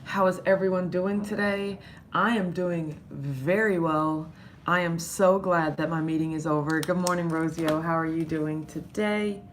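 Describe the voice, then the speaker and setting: A woman's voice: steady tone, unhurried, slight background noise. A young woman who has lost much of her voice, chatting casually and greeting viewers by name on a live stream. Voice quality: low, husky from strain. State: hoarse, losing her voice. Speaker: vlogger greeting live chat.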